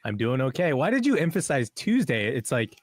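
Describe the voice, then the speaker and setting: A man contributing from a studio, talking in a relaxed, hesitant way with many fillers. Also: medium pitch, fairly quick, dry recording. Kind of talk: casual radio chat.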